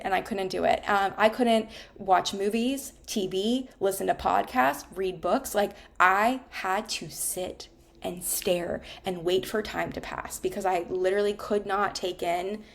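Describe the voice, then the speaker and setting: A woman's voice: medium pitch, gravelly. A woman, frankly telling a personal story in a casual, conversational way and swearing now and then.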